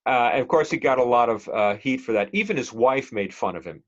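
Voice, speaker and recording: A man's voice: mid-range voice, animated, fairly quick, a bit bright. Male instructor lecturing a class, lo-fi. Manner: conversational, digressive, quizzes the class with questions.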